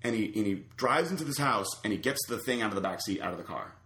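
A man's voice: fairly low pitch, fast. Rambling storyteller man, echoey room. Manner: rambling, animated anecdote with many fillers. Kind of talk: casual storytelling chat.

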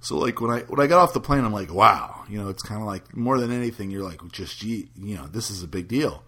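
A man's voice: on the low side, lively intonation, brisk, bright, forceful tone, breathy edge. A man chatting casually as a podcast host, telling a rambling story with many restarts and frequent laughs. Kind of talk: casual chat.

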